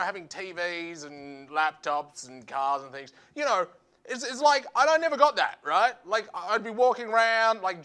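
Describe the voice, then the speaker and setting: A man doing a stand-up routine, animated and acting out voices in quick asides. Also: very high voice. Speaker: stand-up comedian.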